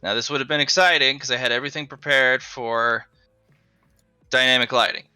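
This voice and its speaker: A man's voice: medium pitch, fairly even intonation, a little fast, sharp tone, smooth, no echo, faint music behind. A man running a tabletop game as game master, chatting casually and muttering and humming to himself as he sets things up. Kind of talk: casual chat while setting up a tabletop game.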